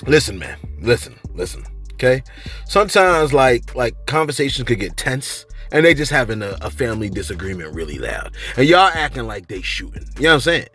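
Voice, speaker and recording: Lively, joking man hosting celebrity gossip. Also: a little fast, soft background music. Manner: loud, joking, acts out voices with big swings in pitch. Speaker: celebrity gossip show host. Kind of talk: animated commentary to camera.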